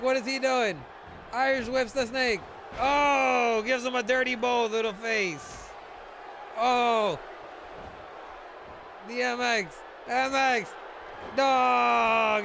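A man calling a wrestling video game match in an excited play-by-play style, often breaking into shouts. His voice sits very high and has a gravelly edge with a bright, sharp tone. Faint noise hums behind him. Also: poor audio. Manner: shouts and exclaims at big moves.

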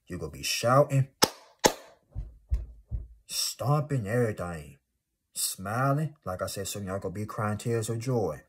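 A man's voice: on the low side, animated, unhurried, pauses often, a little hiss or hum. A man, giving an emphatic, repetitive motivational talk to his viewers in a casual vlog. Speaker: motivational vlogger.

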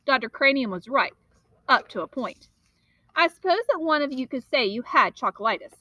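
A woman reading a storybook aloud and voicing a calm, sly old shopkeeper who speaks in an unhurried, gently lecturing way. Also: high voice, muffled recording, voice pushed up, heavily acted. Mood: explaining.

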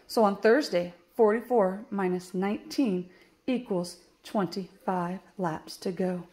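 Slow, clear woman reading to children. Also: medium pitch, dark tone. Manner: slow, clear, explaining steps. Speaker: teacher reading aloud. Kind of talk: children's book read-aloud with math lesson.

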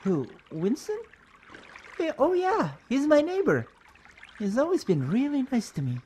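A man voicing a timid, earnest young boy in a game, a bit higher than his own voice. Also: wildly swooping pitch, a little slow, darkish tone, slight background noise, heavily acted.

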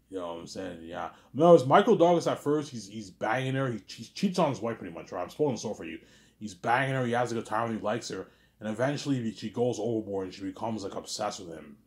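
A man rambling in a casual monologue to camera, stumbling over his words, swearing freely, and leaning on the same filler phrases again and again. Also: fairly low pitch. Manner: repeats "obviously" and "you know what I'm saying", stumbling restarts, crude slang. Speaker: vlog host talking to camera.

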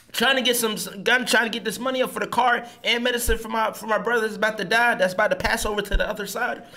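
A man hosting a comedic reaction video, talking in an animated, slangy way. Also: high voice.

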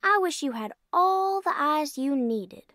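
A woman's voice: high-pitched, expressive, unhurried, fairly bright tone, no room sound, studio quality. A creepy teasing little girl. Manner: sweetly mocking, oddly formal. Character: eerie needling young girl.

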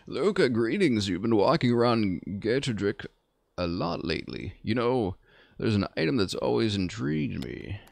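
Guy doing a gravelly old man game character, lively storyteller vibe. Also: fairly low pitch, normal speed, no echo. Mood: musing. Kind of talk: reading game dialogue aloud.

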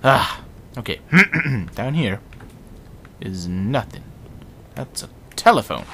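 A man talks through his own gameplay in a casual let's-play, his pitch leaping up and down as he pleads with enemies and teases himself. The recording is noisy, with game sounds underneath. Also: big pitch swings, slow, bright, forceful tone. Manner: jumpy, self-mocking, talks to game characters. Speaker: gameplay commentator.

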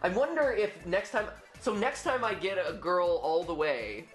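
A man's voice: sits high, expressive, normal speed, fairly bright tone, echoey room, soft background music. A man hosting a gaming show, joking through casual gameplay commentary and putting on voices for game characters.

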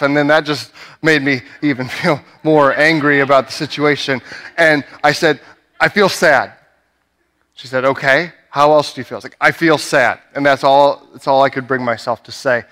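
A man's voice: medium pitch, sharp tone. A young adult man preaching a sermon, telling a personal story earnestly, with many "right?" asides and restarts. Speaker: pastor. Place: church sanctuary.

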